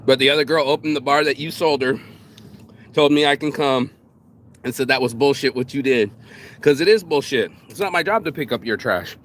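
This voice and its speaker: A man's voice: medium pitch, brisk, fairly bright tone, a little hiss or hum. A man vlogging outdoors in a park, ranting bluntly and profanely in a casual monologue.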